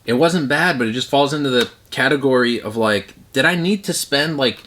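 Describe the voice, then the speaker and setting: Casual male vlogger at home, mid-pitched, loose and rambling delivery with lots of fillers. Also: normal speed, fairly bright tone. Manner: rambling, full of fillers and restarts. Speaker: collector reviewing his movie collection.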